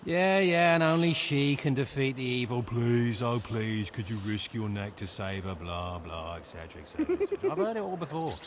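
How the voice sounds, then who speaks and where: A cynical, sardonic male adventurer, voiced by a man in a game cutscene, impatient and always eyeing the money. His delivery rides up and down in pitch. A faint hiss lies under the game audio. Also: sing-song, a little fast, hardly any pauses, close to an everyday voice. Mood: exasperated. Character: sarcastic, mercenary male hero, world-weary and greedy.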